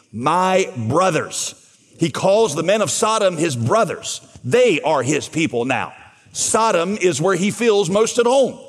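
A man's voice: on the high side, husky. A man preaching a sermon, telling a Bible story and voicing its dialogue as he goes. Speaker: pastor. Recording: long hall reverb.

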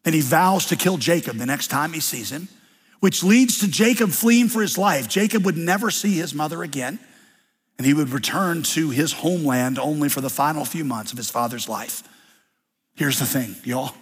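A man's voice: fairly high pitch, moderate pace, husky. A male pastor preaching a sermon, wry and conversational as he retells scripture. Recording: long hall reverb.

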